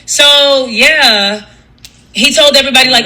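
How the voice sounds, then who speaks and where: A man's voice: very high-pitched, normal speed, sharp tone, rough recording. A man hosting a livestream, ranting casually in a blunt, profane, gossipy way. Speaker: livestream host.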